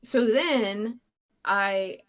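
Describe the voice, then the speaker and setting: Host: woman, 30s, mid pitch, chatty and meandering storytelling. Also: very slow. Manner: chatty, filler-heavy storytelling. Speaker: podcast host. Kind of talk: casual chat.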